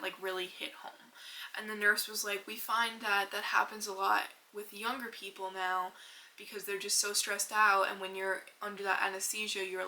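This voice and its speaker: A woman's voice: medium pitch, bright, forceful tone. A young woman in her twenties hosting a mental health podcast, casually telling a personal story with lots of "like" and fillers. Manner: chatty, filler-heavy, lots of "like". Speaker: podcast host.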